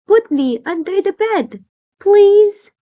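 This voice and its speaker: A woman voicing a tiny, scared little male monster cub who talks in a squeaky voice. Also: animated, slow pace, lo-fi sound, heavily acted. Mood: timid squeaky.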